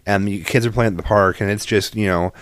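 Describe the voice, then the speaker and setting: A man with a somewhat low voice talks loosely through stories on a casual podcast, drifting between tangents, laughing, and dropping the odd curse. The sound is dry and close, with no room echo. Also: fairly even intonation, fairly quick. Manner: rambling storyteller, laughs often, swears casually. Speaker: podcast co-host. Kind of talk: casual chat.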